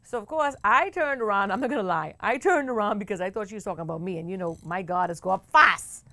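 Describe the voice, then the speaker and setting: A woman with a Bahamian accent hosting a talk show, telling a story in a chatty, animated way with bursts of laughter. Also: mid-range voice, quick pace, no echo. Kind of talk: casual storytelling to camera.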